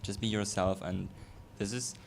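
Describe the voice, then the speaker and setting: A man's voice: fairly low pitch, steady tone, normal speed, creaky, a little hiss or hum. A man on a fan meetup panel, earnestly encouraging the audience to be themselves. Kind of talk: casual panel talk.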